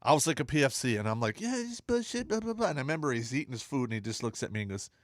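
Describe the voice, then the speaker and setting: A middle-aged man on a casual talk show, blunt and profane, telling animated stories about his days in the army. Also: mid-range voice, rapid-fire, dry recording, studio quality. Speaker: podcast co-host.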